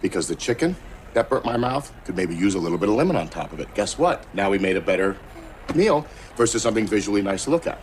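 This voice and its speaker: An actor playing a worn-out boyfriend in a film scene who wriggles out of helping with chores by talking fast and glibly. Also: male voice, fairly low pitch, sing-song. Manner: fast-talking, glib, wheedling, rising to mock grandeur. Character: lazy exhausted boyfriend dodging chores. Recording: film clip with faint background noise.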